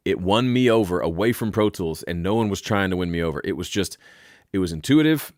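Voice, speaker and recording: A man's voice: deep voice, no room sound. A man hosting a live question-and-answer stream from his home studio, explaining mixing in a playful, joking way. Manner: playful, jokey, explains with asides. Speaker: host.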